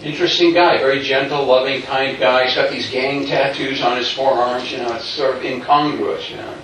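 A man's voice: medium pitch, steady tone, normal speed, fairly bright tone. A man telling a story in a sermon-like way, acting out what people said and chuckling along. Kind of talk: preached storytelling. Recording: very echoey hall, distant mic, faint noise.

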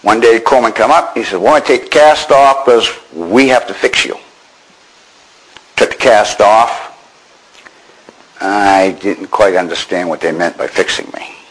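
An older man from Maine recounts his past in a dry, understated way. His voice sits a little low, and his tone stays wry and matter-of-fact throughout. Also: a bit bright, breathy edge, low-quality recording. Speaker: veteran telling his war story. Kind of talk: personal storytelling.

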